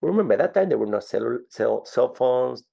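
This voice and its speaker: A man in his fifties from Ecuador with an Ecuadorian Spanish accent, telling his story as an interview guest in an animated way, often repeating words. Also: mid-range voice, moderate pace, creaky, husky, highs cut off.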